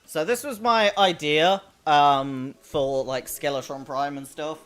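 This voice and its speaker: Streamer w a baby-ish voice, talks slow n playful, answers chat while gaming. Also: mid-range voice, fairly bright tone, slight background noise. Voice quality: childlike, babyish voice. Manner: playful, chatty, reads out chat. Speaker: game streamer. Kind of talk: casual live gameplay commentary.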